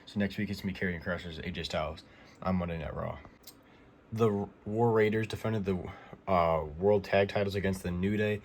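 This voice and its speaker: A man talks through the week's wrestling in a casual, rambling way, dropping fillers and blunt opinions as he goes. His voice sits low and stays flat, with little rise or fall. A faint hiss runs under the recording. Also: brisk. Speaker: wrestling recap host. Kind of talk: casual recap commentary.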